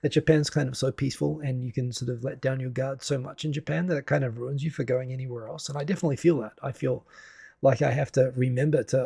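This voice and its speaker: A man's voice: medium pitch, steady tone, quick pace, gravelly, mellow, husky, no room sound, studio quality. A man from New Zealand hosting a casual live stream, talking through news and reading viewer comments in a chatty way with many restarts. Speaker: live show host.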